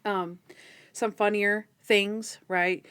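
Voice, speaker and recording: A woman's voice: medium pitch, steady tone, drawn-out words, fairly bright tone, smooth. A woman hosting a podcast, chatting casually and giggling as she recaps a TV show. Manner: chatty, giggly, acts out scenes in quotes. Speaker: podcast host.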